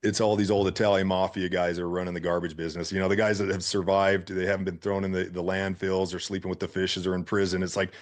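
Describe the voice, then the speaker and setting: Man, from Utah, middle-aged, very low voice, rapid talk, animated storyteller, podcast guest. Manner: animated, acts out quotes. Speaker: guest entrepreneur. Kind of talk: casual storytelling.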